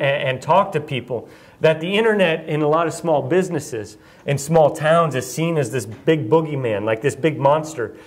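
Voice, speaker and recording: A man's voice: on the high side, moderate pace. A young man from Iowa, chatting casually on stage as the host, rambling and joking at his own expense. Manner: rambling, self-deprecating, laughs often. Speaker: event host asking questions. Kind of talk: casual onstage chat.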